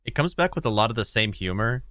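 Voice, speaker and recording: A man's voice: fairly low pitch, expressive, quick pace, fairly bright tone, dry recording. A man co-hosting a podcast in casual chat, laid-back, with many fillers and frequent mm-hmms. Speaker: podcast co-host.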